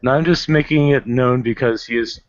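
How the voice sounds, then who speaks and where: A man's voice: medium pitch, fairly even intonation, moderate pace. A man running a tabletop game as game master, describing scenes with a wry, dry manner. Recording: dull lo-fi recording, dry.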